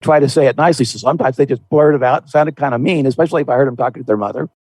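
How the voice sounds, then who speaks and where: A man's voice: medium pitch, very fast, darkish tone, no room sound. A man hosting a Christian podcast, explaining in an earnest, folksy way with frequent restarts. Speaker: podcast host. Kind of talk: conversational Christian podcast discussion.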